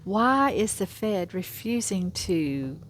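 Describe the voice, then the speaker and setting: A woman's voice: medium pitch, very animated, takes it slowly, a little hiss or hum. A woman co-hosting a casual chat, eagerly agreeing and asking questions.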